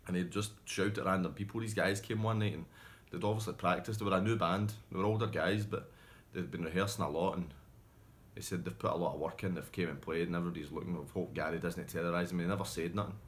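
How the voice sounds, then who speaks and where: A man's voice: low voice, fairly even intonation, quick pace. A man telling rambling pub stories casually, often laughing and restarting. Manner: rambling, laughing, self-interrupting. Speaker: storyteller.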